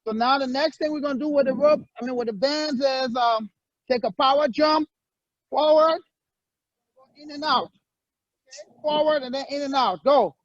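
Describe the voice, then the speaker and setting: A male fitness coach leading a workout, energetic and barking short encouraging commands, on a muffled lo-fi recording. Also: very high-pitched, normal speed, long pauses, no room sound.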